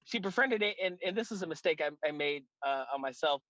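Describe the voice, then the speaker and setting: A man's voice: a little high, fast, no room sound, highs cut off. A man, a dungeon master, telling a funny table story in casual chat. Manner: animated, laughing, with restarts.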